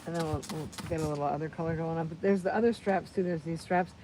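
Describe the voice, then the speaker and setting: Speaking fast in a low register, this woman runs a live crafting stream with background noise behind her. While working, she rambles cheerfully to her audience and keeps repeating herself.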